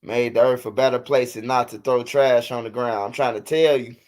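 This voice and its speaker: A man's voice: mid-range voice, steady tone, fairly quick, a little mellow. A man in his thirties hosting a livestream, talking loosely and profanely in casual chat. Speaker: livestream host.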